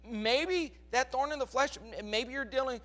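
A man in his forties preaching with a crackly, strained voice that sits high and bright. He delivers an animated sermon, pushing to loud emphasis as he drives his points home. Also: a little slow. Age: 40s. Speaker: pastor.

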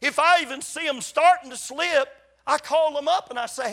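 A man's voice: very high-pitched, moderate pace, bright, forceful tone. An older man, a pastor, preaching a sermon and telling stories, acting out quoted conversations with emphatic repetition. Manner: storytelling, acts out quoted dialogue with emphatic repetition.

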